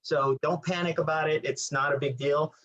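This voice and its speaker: A man's voice: fairly high pitch, steady tone, normal speed, a bit bright, highs cut off. A man co-hosting a running podcast, casually explaining training with many fillers. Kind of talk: casual chat.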